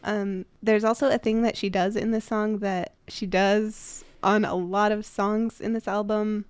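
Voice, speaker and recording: A woman's voice: mid-range voice, level tone, a little slow, smooth, no room sound. A woman co-hosting a podcast as the music critic, talking in a precise, analytical way and laughing often. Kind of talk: casual podcast chat.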